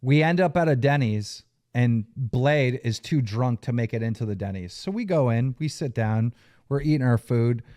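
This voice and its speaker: A man hosting a podcast, telling animated stories and laughing often. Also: medium pitch, moderate pace. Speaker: podcast host. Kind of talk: casual storytelling.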